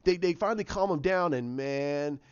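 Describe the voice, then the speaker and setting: A fairly high-voiced man in his thirties tells a TV episode in an excited, chatty way, acting out what the characters say. The recording is dry and dull, with a narrow lo-fi sound. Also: normal speed, smooth, no room sound. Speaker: TV episode reviewer. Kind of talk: casual episode recap.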